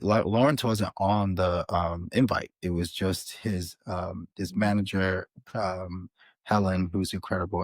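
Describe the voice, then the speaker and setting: A man, a podcast guest, telling an animated story in a casual interview, with frequent restarts. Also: low voice, breathy edge, dry recording. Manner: animated, many restarts and fillers. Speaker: podcast guest, author and filmmaker.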